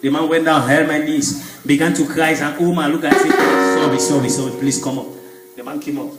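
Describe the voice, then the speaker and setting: A man, a pastor preaching a sermon with animated storytelling, sudden shouts and spoken sound effects. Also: fairly high pitch, a little fast, recorded from a distance. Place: church. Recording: echoey church hall with music, crowd.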